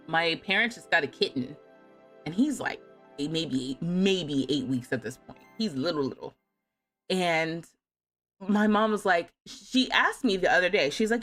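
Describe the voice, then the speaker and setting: Woman in her 30s, game streamer, chatty storyteller, bright and animated delivery, faint music under. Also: mid-range voice, moderate pace. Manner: chatty storytelling, often laughing and mimicking her cat. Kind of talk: casual livestream chat.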